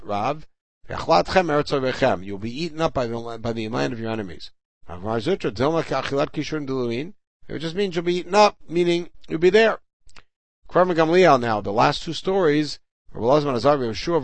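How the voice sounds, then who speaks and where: A man's voice: medium pitch, dry recording. An older man teaching a Talmud class. He reads the Hebrew and Aramaic text aloud and explains each line in English. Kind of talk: Talmud class, reading and translating.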